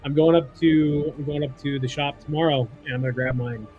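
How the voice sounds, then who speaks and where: A man's voice: fairly high pitch, fairly even intonation, brisk, phone-quality sound, soft background music. A man co-hosting a casual livestream with joking banter.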